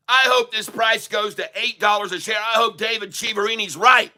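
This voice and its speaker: A man from Ireland hosting a stock market show, ranting furiously and profanely, repeating himself and sometimes shouting. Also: high-pitched, normal speed, few pauses. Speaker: stock market video host. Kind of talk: angry ranting market commentary. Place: Dublin, Ireland.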